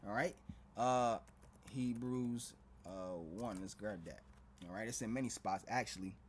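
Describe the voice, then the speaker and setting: A man's voice: lowish voice, unhurried, slight background noise. A man preaching to a video audience, fervent and warning, who keeps adding "all right?" and "man" between his phrases. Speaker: street preacher.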